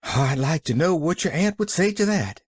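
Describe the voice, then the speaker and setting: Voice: medium pitch, lively intonation, normal speed, husky, dry recording, voice pushed up. A reader voicing a flustered country servant woman. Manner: folksy rural dialect, exclaiming.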